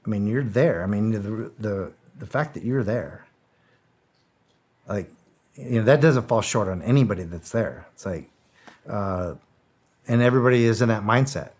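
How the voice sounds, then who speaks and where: Fairly low in pitch and darkish in tone, this middle-aged man's voice has lively intonation, a moderate pace and long pauses. A former soldier guesting on a casual interview, he tells rambling stories, repeating himself, swearing freely and performing the dialogue he quotes.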